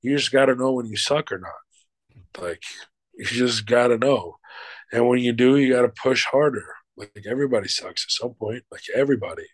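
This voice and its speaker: A man's voice: medium pitch, normal speed, dry recording, low-quality recording. A middle-aged man, an actor and showrunner, answering interview questions in a loose, emphatic way, swearing freely and using many fillers.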